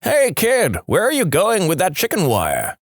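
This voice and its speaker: A man's voice: sits high, huge pitch swings, unhurried, a bit bright, husky, no room sound, studio quality, pitched above the performer's own voice, full character voice. A man voicing a grumpy old man who hollers in disbelief from his porch. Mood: hollering. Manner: hollering, incredulous.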